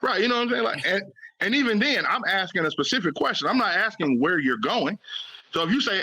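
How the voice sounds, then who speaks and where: A man co-hosting a podcast in casual chat, animated and acting out quoted lines. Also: high voice, fast, breathy edge, dry recording, rough recording. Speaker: podcast co-host.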